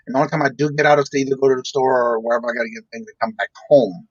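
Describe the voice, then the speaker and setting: A man's voice: mid-range voice, steady tone, rapid-fire, slightly rough, dry recording, muffled recording. A man hosting a casual live-stream chat, talking in a rambling way with frequent restarts. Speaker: show host.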